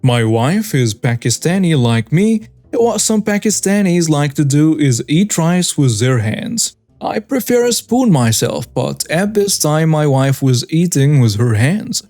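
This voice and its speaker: A narrator reading a first-person story aloud in a scripted, animated way, voicing the dialogue in between. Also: mid-range voice, a little slow, few pauses, faint music behind.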